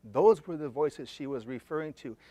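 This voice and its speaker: A man's voice: a little high, animated, moderate pace, warm tone, husky, dry recording. A man, a therapist, presenting a case study to an audience in a conversational storytelling way, checking in with listeners as he goes.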